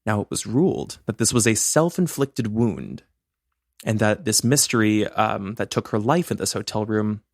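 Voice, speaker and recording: A man's voice: lowish voice, lively intonation, normal speed, gravelly, darkish tone, no room sound, studio quality. A man co-hosting a true-crime podcast in casual chat, chatty and bubbly, joking and rambling. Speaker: podcast co-host.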